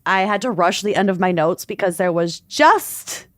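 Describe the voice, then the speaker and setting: A woman's voice: mid-range voice, animated, moderate pace, fairly bright tone, dry recording, studio quality. A woman in her thirties co-hosting a casual podcast chat in an upbeat, teasing way. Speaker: podcast co-host.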